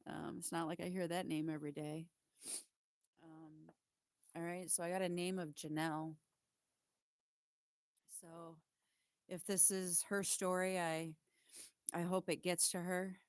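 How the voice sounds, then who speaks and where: A woman's voice: on the low side, little pitch movement, unhurried, pauses often, no room sound, studio quality. A woman working as a psychic medium, passing on spirit messages in a hesitant, emotional way with many fillers and restarts. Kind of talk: spiritual channeling monologue.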